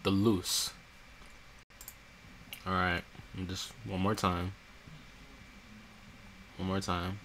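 A man's voice: low voice, level tone, extremely slow, long pauses, fairly bright tone, slight background noise. A young man casually narrating a let's play, talking to himself and reading in-game notes aloud. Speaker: gameplay streamer.

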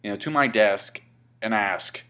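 A man's voice: on the low side, a little slow, bright, forceful tone. A man in his twenties telling a casual story to camera, rambling and swearing, with many fillers and restarts. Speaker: vlogger.

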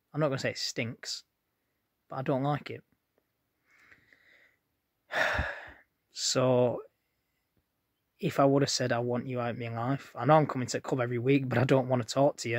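A chatty man tells a rambling story of his own to his viewers. His voice sits at an ordinary middle pitch, and the room sounds dry and close. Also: no room sound. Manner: chatty, rambling, plain-spoken. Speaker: vlogger. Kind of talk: casual storytelling to camera.

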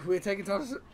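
A man's voice: high-pitched, vocal fry, background noise. A young man in his late teens, a little drunk, rambling and giggling as he plays a game and loses his train of thought. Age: young adult. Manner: rambling, giggly, swears a lot. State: tipsy from drinking. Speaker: let's play commentator. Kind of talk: casual gaming commentary.

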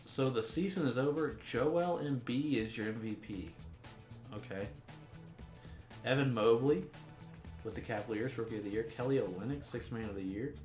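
A man tosses off wry, joking remarks while he plays through a basketball management game. His voice sits at an ordinary pitch and rings in a roomy, echoey space. Faint music plays underneath. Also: moderate pace, a little mellow. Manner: sarcastic, joking banter. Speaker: gaming YouTuber. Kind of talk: casual gameplay commentary.

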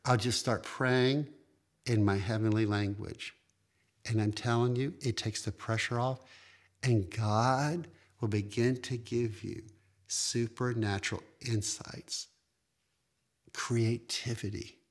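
A man preaching a sermon in a voice of ordinary pitch. He swings from quiet, slow phrases to sudden high, loud emphasis. He laughs lightly now and then while he preaches. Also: steady tone. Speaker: pastor.

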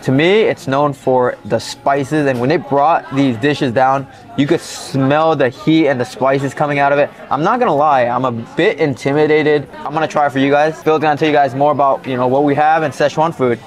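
A man's voice: medium pitch, normal speed, hardly any pauses. A man hosting a food vlog at a restaurant table, reacting enthusiastically as he tastes dishes. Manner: enthusiastic, tasting and reacting aloud. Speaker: food vlogger host. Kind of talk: casual food tour vlog.

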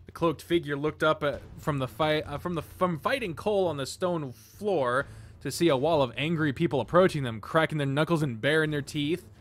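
A man's voice: fairly high pitch, moderate pace. Casual man reading a visual novel. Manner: casual, swearing asides.

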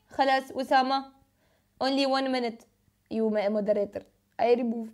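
A woman's voice: high-pitched, steady tone, moderate pace, long pauses, fairly bright tone. A woman hosting a casual livestream, chatting playfully with viewers in simple broken English and laughing often. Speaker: livestream host.

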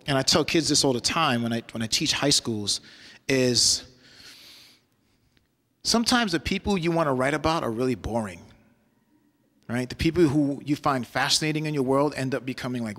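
A man's voice: medium pitch, a bit bright. New man lecturing in a big hall. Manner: conversational, loose, asks audience "right?". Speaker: guest lecturer, solo performer. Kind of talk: university lecture with storytelling. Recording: long hall reverb.

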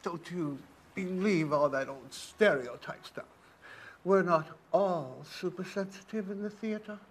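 A man's voice: high voice, measured pace, breathy edge, full character voice. An actor playing a flamboyant male theater actor with a campy, sing-song way of talking. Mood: chirpy. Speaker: stage actor.

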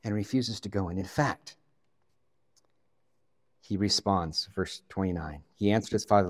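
A man from the Pacific Northwest, a guest pastor, preaching a sermon in an animated storytelling way, with joking asides. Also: deep voice, a little slow, pauses often, big-room sound.

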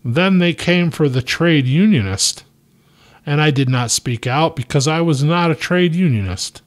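A man's voice: fairly high pitch, lively intonation. A man voicing a steadfast small-town pastor who preaches firmly from the pulpit, reading it aloud from a novel. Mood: resolute. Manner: firm, measured preaching with emphatic rises. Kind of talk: sermon from the pulpit, read from a novel.

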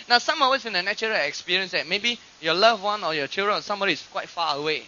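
High bright preacher on an old recording. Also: male voice, animated, fast talker, hardly any pauses, a little hiss or hum. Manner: dramatic swings between loud and hushed delivery; fillers and restarts, addresses the congregation directly. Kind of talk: sermon. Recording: dull lo-fi archive recording.

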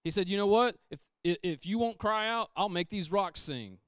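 A man preaching a sermon, emphatic and repetitive, moving from loud passages down to hushed ones. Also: high voice, normal speed, clear, resonant tone, no room sound, clean studio sound. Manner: emphatic, repeats phrases, shifts from loud to hushed. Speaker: pastor. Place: church sanctuary.

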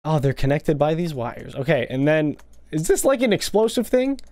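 A man's voice: a little high, big pitch swings, normal speed, darkish tone. A young man hosting a casual gaming video, talking over gameplay with gasps, exclamations and playful taunts on a desk microphone.

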